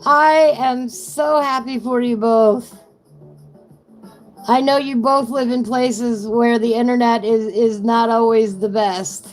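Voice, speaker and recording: A woman's voice: a little high, fairly even intonation, slow pace, faint music behind, rough recording. A middle-aged woman hosting a live stream, chatting casually and emotionally with her viewers. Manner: emotional, gushing to chat viewers. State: tearful.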